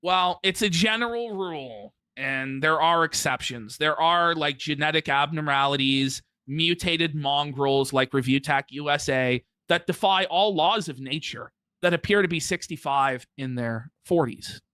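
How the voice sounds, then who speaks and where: A man's voice: fairly high pitch, unhurried, few pauses, pushed and bright, clean tone. A man co-hosting a casual livestream, trading crude, sarcastic jokes. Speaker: stream co-host.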